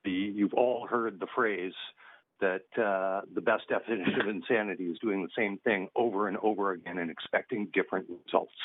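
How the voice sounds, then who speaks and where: A man calling in to a council meeting, giving blunt, emotional public comment full of rhetorical questions. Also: fairly low pitch. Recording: tinny phone line.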